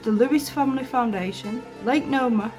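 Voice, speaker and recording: A woman with a slightly high voice hosts an online video at a normal pace while music plays behind her. She talks to the camera casually and rambles, packing in fillers, side comments and a bit of swearing.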